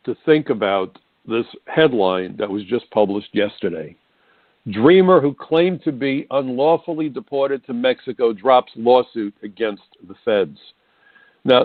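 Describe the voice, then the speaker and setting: A man's voice: medium pitch, dry recording. Indignant man on tinny talk radio. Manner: indignant, emphatic, repeats for stress. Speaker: radio talk show host. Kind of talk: opinionated talk radio monologue. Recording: tinny phone-like radio broadcast, dry.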